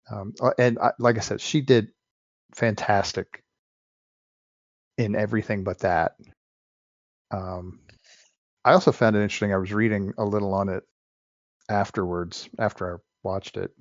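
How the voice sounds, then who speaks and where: A man's voice: on the low side, steady tone, normal speed, long pauses, no echo, dull audio. A man co-hosting a podcast, giving frank, opinionated views on an old film, often restarting his sentences. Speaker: podcast co-host. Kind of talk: casual film discussion.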